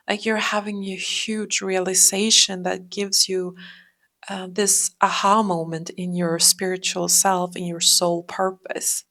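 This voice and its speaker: A woman giving a calm tarot reading, talking slowly and often dropping into a whisper. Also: mid-range voice, vocal fry. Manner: slow, calm, drifting into whispers. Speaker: tarot reader. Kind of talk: soft-spoken tarot reading.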